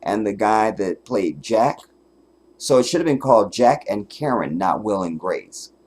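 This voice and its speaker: A man hosting a casual solo livestream, telling stories with animated, profane energy, often breaking into laughter and sometimes making emphatic declarations. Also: on the low side, a little slow, breathy edge. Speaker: livestream host.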